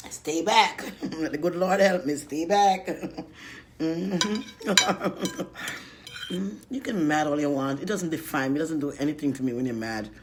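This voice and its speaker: A woman's voice: low voice, a little slow, heavy background noise. A woman chatting casually on a live stream while eating, playful and talkative, greeting viewers by name.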